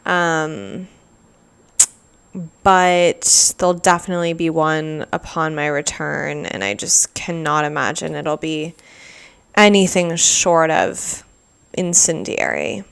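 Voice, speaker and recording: With a low, creaky voice that's a bit bright and smooth, a young woman hosts her own podcast, animated yet slow-paced. She rambles casually on her own, leaning on "like" and plenty of sarcastic asides.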